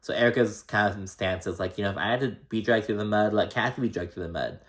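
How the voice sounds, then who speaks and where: A man's voice: fairly low pitch, fast talker. A man casually recapping a reality show, opinionated and profane, who acts out the cast members' lines in exaggerated voices. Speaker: recap host.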